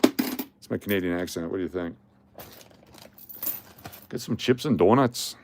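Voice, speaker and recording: The speaker is an older man who streams his coin collecting live, chatty and joking as he sorts coins and reads off dates and mint marks. He speaks in a low-pitched, unhurried, slightly mellow voice over slight background noise.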